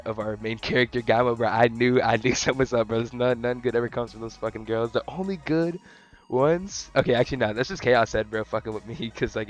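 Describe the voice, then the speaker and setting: Slangy, rambling young man. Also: medium pitch. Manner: slangy, profane, excitable, lots of fillers. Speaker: anime vlogger. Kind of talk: casual rambling review.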